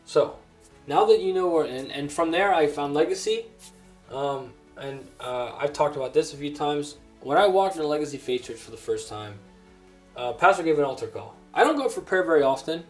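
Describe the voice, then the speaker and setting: Brief: grown man, earnest sermon testimony, halting restarts, slightly higher voice, faint music under. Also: lively intonation. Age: adult. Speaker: preacher.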